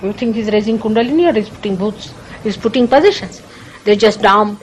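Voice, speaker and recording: A woman's voice: mid-range voice, fairly quick, slight background noise, low-quality recording. A woman spiritual teacher giving a sermon to a meditation gathering, telling stories with acted quotes and rhetorical questions.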